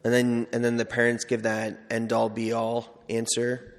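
Conversational preacher in an echoing hall. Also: male voice, mid-range voice, monotone, a little slow, few pauses. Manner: conversational, acts out little scenes. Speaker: Catholic preacher or teacher. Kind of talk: informal sermon with storytelling. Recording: long hall reverb.

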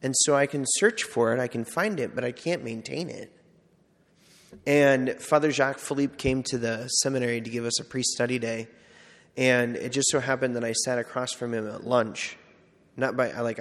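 A man's voice: mid-range voice, steady tone, moderate pace, fairly bright tone. A man speaking as a priest, sharing a personal story in a loose, conversational way. He pokes fun at himself and slips into quoted asides. His mid-range voice rings out with a long reverb, as if from a large church or hall. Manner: conversational, self-deprecating storytelling with many "like"s. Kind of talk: personal testimony talk.

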